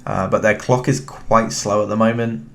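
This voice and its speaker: A young British man gives relaxed commentary on his card game, talking to himself and his opponent as he plays. His voice sits low with plenty of gravelly fry. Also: moderate pace. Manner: relaxed, thinking aloud, chatty with the opponent. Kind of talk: casual gameplay commentary.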